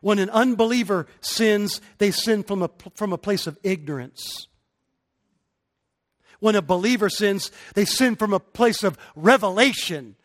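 A middle-aged male pastor delivers a sermon in a notably high voice. He speaks with emphasis and pushes hard on his key points. He sounds like a preacher leading a congregation through his message. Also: expressive, unhurried. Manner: emphatic, rising to forceful peaks.

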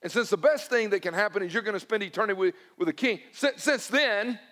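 A male pastor, preaching a sermon and swinging between loud emphatic lines and hushed, personal ones. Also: high voice, animated, fast, in a large hall. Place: church sanctuary.

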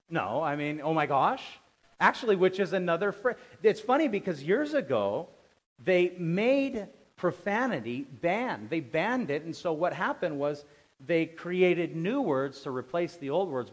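A man preaching a sermon as pastor, animated, dropping to quiet asides and rising to loud emphatic bursts. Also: on the high side, normal speed. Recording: dull lo-fi sound.

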